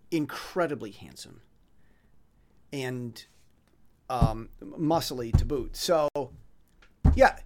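A man's voice: on the high side, slight background noise. A man hosting a podcast alone, talking casually in a rambling, self-mocking way, with frequent restarts and fillers. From foreign resident in Taiwan. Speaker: podcast host. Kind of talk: casual monologue.

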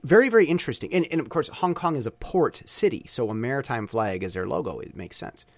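Animated man vlogging in a dry room. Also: mid-range voice, quick pace, dry recording. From Southern Taiwan. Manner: animated, opinionated, stop-and-start rambling. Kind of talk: casual vlog monologue.

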